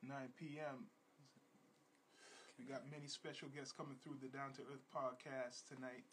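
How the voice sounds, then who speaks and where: A man hosting a podcast in casual chat, with laid-back slang and repeated shout-outs to his listeners. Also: medium pitch, level tone, normal speed, a little hiss or hum. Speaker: podcast host.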